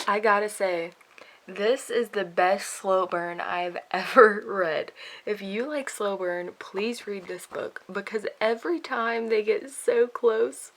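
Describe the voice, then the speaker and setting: A young woman chatting casually about a book she is reading, excitable and gushing, laughing often and peppering her talk with "like". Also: mid-range voice, unhurried. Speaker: book vlogger. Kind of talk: casual reading vlog chat.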